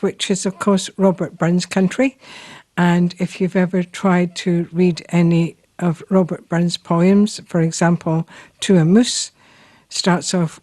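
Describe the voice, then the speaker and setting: A woman with a Scottish accent hosting a local show, telling stories and reading aloud in an unhurried way with frequent ums. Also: on the low side, warm tone, no echo. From Scotland. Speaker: host. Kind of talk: casual storytelling and reading aloud.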